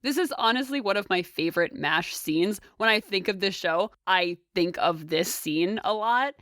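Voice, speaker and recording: A woman's voice: mid-range voice, normal speed, dry recording, clean studio sound. A young woman co-hosting a podcast, chatting casually and retelling scenes with lots of laughter. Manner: giggly, animated retelling. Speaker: podcast co-host. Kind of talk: casual chat.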